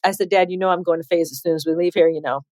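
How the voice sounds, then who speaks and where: A woman in her forties from Chicago, telling her life story as a podcast guest, animated and laughing often as she acts out quotes. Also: lowish voice, racing, dry recording, studio quality. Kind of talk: candid storytelling interview.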